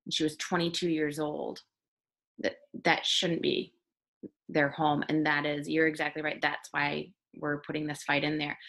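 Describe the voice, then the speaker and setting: A woman's voice: deep voice, vocal fry, fairly bright tone. A woman hosting an interview, talking in an earnest and reflective way. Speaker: host. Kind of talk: conversational interview.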